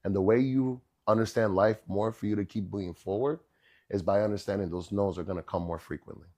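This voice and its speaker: Middle-aged chef guy, lowish voice, animated storytelling, lots of "bro" and "right?". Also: fairly quick. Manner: animated, street-casual, keeps saying "bro" and "right?". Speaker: chef, podcast guest. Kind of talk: casual storytelling chat.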